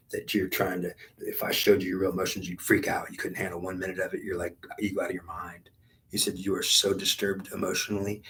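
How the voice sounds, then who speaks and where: Deep-voiced man in his fifties, whispering often. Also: a bit bright, poor audio. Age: 50s. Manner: rambling, intense, often drops to a low whisper. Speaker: speaker recounting talks with God. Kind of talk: unscripted spiritual monologue.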